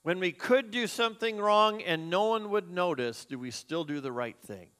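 A man's voice: high voice, lively intonation, normal speed, fairly bright tone, clear, resonant tone. A man preaching a sermon as a pastor, earnest and conversational, asking the congregation questions. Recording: long hall reverb.

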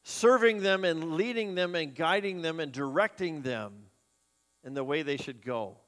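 A man's voice: on the high side, measured pace, a bit bright. A man preaching a sermon as a pastor, earnest and conversational, asking the congregation questions. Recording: long hall reverb.

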